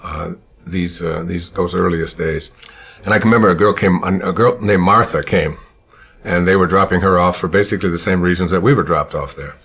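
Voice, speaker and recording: Deep, husky-voiced man reminiscing. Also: steady tone, fairly bright tone. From Michigan, USA. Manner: unhurried, reflective, often pausing to search for words. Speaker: speaker recalling his childhood. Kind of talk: personal storytelling.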